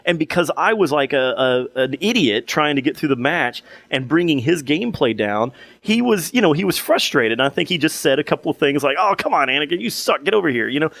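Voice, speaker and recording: A man's voice: a little high, animated, fairly quick, few pauses, fairly bright tone, dry recording. A young man co-hosting a podcast, telling a long story in casual chat with many restarts and fillers. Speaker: podcast co-host.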